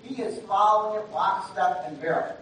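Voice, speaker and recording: A man preaching a sermon in a conversational way that swings between quiet asides and loud, emphatic bursts, recorded from far off in a very echoey church hall with faint noise. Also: high-pitched, normal speed. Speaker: pastor.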